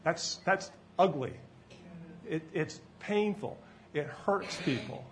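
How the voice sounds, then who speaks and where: A pastor preaching a sermon in church, shifting from loud shouts of praise to relaxed, conversational teaching. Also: male voice, on the high side, slow, a little hiss or hum.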